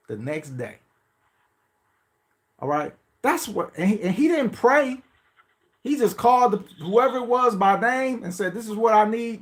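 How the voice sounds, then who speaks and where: His voice is high-pitched and a bit bright. The podcast host runs through a loose, foul-mouthed monologue, switching from mock pleading impressions to blunt remarks.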